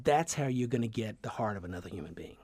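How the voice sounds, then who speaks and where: A man with a softened Southern US accent, an actor talking as a radio guest in a rambling, animated way with many restarts. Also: fairly low pitch, fast, breathy edge, dry recording. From American South. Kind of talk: casual radio conversation.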